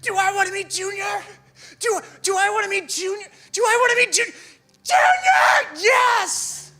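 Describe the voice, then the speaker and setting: A man's voice: extremely high pitch, expressive, takes it slowly, pushed and bright, faint music behind, voice pushed up, exaggerated voice. A man voicing an overexcited little boy fan who screams shrilly to be noticed. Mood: ecstatic.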